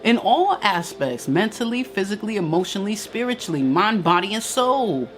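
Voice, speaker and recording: A woman hosts a live stream with an emphatic, preacher-like delivery and presses home her main points by repeating them. Her voice sits at a middle pitch. Soft music plays faintly behind her. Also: sing-song, normal speed. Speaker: spiritual teacher hosting a live stream. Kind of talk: live-stream motivational talk reading viewer comments.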